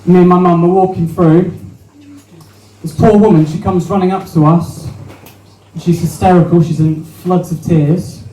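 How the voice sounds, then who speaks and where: A man's voice: high voice, fairly even intonation, moderate pace, mellow. A young man doing a brash, sweary stand-up set and chatting with the crowd. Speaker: stand-up comedian. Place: small venue with a live audience. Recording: roomy, distant mic with faint noise.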